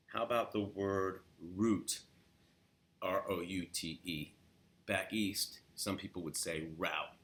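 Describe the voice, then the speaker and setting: A man from Los Angeles with a Southern California accent, casually teaching the local way of saying words with example sentences. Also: deep voice. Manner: relaxed, demonstrates words in quoted example sentences. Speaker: accent tutor. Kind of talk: casual spoken accent lesson.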